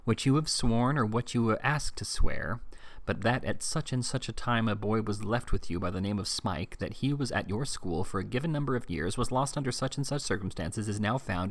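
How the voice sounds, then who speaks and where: Guy reading as a cold bossy moneylender, low voice, curt, pushy, dry sound. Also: lively intonation, moderate pace, dry recording. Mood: stern. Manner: curt, commanding, emphatic. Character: scheming stern older male moneylender.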